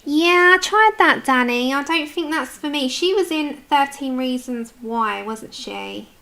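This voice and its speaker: Chatty British woman hosting a colouring stream, bright, higher voice, answers comments as she works. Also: lively intonation, unhurried, creaky. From United Kingdom. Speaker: colouring livestream host. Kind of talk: casual chat while colouring.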